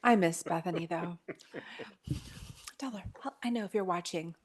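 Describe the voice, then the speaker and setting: A woman's voice: lowish voice, measured pace. A woman chairs a city board meeting in a casual, agreeable manner. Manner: casual, agreeable, with fillers like 'kind of'.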